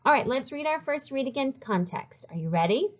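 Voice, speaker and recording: A woman teaching a phonics lesson to children, slowly modeling each sound and encouraging them to read along. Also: high-pitched, big pitch swings, muffled recording.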